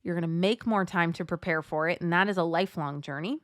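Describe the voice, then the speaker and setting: A woman's voice: on the low side, fast, no echo, studio quality. A woman life coach, likely in her thirties, giving a direct, encouraging talk to mothers. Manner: encouraging, direct, addresses listener as friend. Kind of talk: motivational talk to listeners.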